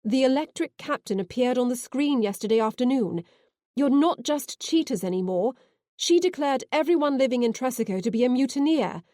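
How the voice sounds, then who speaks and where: A woman's voice: high-pitched, lively intonation, normal speed, dark tone, dry recording, studio quality, voice pushed up. A woman voicing Rel, an earnest young man bringing an urgent warning, in an audiobook reading. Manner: urgent, pleading.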